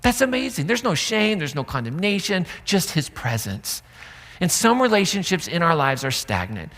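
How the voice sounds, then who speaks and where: A male pastor preaches in an animated, joking, conversational manner. His voice is bright and fairly high, and its pitch moves a great deal. A long church reverb trails after each phrase. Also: moderate pace. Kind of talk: sermon.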